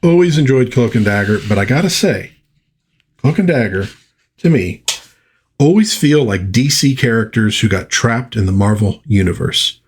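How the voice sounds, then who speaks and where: Husky-voiced man chatting about comics. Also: medium pitch, expressive, normal speed. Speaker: comic book vlogger. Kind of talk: casual comic book commentary.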